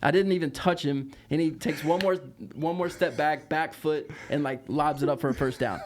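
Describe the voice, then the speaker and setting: A man telling a tour story as a podcast guest, lively and laughing, with lots of fillers. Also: fairly high pitch, normal speed, a little hiss or hum. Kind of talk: casual storytelling.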